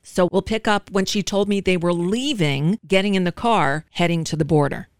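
A woman's voice: lowish voice, normal speed, clean tone, dry recording, studio quality. A woman radio show host earnestly recounting a personal story in an emotional telling.

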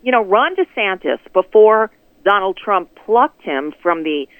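Woman caller from Florida, sarcastic and lively, dry tinny phone sound. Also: mid-range voice, unhurried, no room sound. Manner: sarcastic, animated storytelling. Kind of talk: casual political phone chat.

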